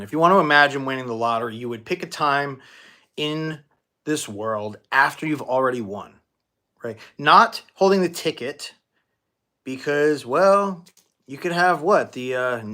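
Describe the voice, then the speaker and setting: A man hosting a live-stream Q&A as a manifestation coach, talking casually with many restarts and fillers and thanking donors excitedly. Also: on the high side. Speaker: manifestation coach and livestream host. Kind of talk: live-stream Q&A, answering viewer questions.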